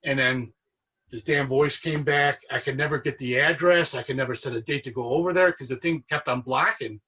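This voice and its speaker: A man, a paranormal investigator, telling his story as a podcast guest in an earnest, excitable way. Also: medium pitch, fairly quick, breathy edge, recorded from a distance, muffled recording. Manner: earnest, excitable storyteller who relives events. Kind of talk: casual storytelling interview.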